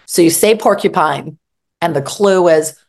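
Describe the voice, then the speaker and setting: A woman therapist talking in an interview, animated and acting out quoted exchanges. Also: on the low side, measured pace, creaky. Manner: animated, acts out quoted dialogue. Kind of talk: interview conversation.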